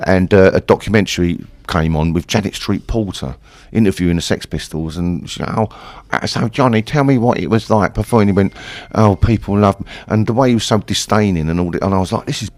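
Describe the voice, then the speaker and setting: A man's voice: sits low, quick pace, darkish tone, no room sound. A man in his sixties with an East London accent, telling stories in a rambling, chatty way full of swearing. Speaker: interview guest, punk singer. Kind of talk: casual storytelling interview.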